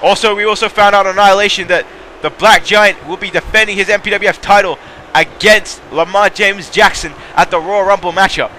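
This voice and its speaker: A man giving excitable, mildly profane play-by-play commentary on a wrestling video game. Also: sits high, brisk, a little hiss or hum.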